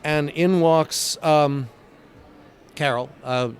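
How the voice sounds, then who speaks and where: An older man from England, a comic book writer being interviewed, telling stories with lively sound effects and acted-out quotes. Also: on the high side, drawn-out words. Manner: animated, acts out scenes with sound effects and quoted voices. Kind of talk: casual interview storytelling.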